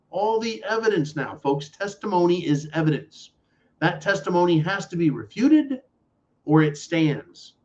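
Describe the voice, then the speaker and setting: Blunt, profane talk host, lo-fi. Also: male voice, a little high. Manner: blunt, profane, angry and mocking. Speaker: podcast host. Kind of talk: political commentary rant. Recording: dull lo-fi audio.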